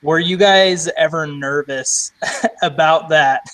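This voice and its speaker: A man's voice: on the high side, takes it slowly, fairly bright tone, low-quality recording. A man asking interview questions in a casual, easygoing way and agreeing readily. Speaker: student interviewer.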